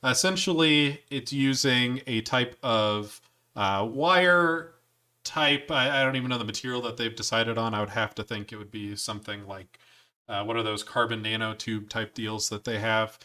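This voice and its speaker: A man's voice: mid-range voice, steady tone, moderate pace, pushed and bright. A young man co-hosting a podcast, joking around and explaining things in a loose, offhand way. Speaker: podcast co-host. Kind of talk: casual chat.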